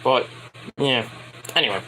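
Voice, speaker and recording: A man's voice: mid-range voice, unhurried, bright, forceful tone, slight background noise, rough recording. A man giving a casual, crude and opinionated wrestling review, swearing freely.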